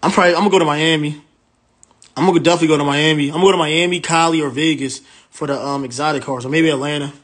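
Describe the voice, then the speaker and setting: A brash man rambles through a casual livestream on his phone. His talk is loose and profane, in a slightly high voice. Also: fairly even intonation, rapid-fire, fairly bright tone. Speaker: livestream host, rental car business owner.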